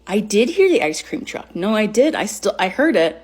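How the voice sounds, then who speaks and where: A woman's voice: medium pitch, big pitch swings, moderate pace, darkish tone, lightly acted. A woman playing a harried suburban mother at the beach, scolding her kids and husband. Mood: exasperated. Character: frazzled suburban mom at the beach, exasperated.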